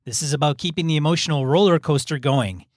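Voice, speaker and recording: A male podcast co-host with a fairly high, slightly mellow voice reads a listener email aloud in casual chat. The recording is dry and close, and he takes an easygoing approach, reading in measured chunks and dropping in chatty asides.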